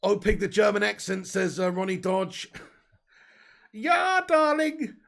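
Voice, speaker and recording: Bloke doing a live match watch-along, really gravelly, kinda high voice, chatty and sweary. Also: male voice, normal speed. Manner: excitable, chatty, swears freely, reads chat aloud. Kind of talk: casual live match commentary.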